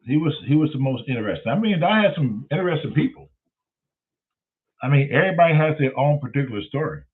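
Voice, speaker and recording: A man hosting a show, spinning a profane story with a lot of swing in his pitch. His voice sits a little high for a man. The recording is tinny, like a phone line. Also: fast talker. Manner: profane, animated storyteller who acts out the voices. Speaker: host. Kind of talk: casual storytelling.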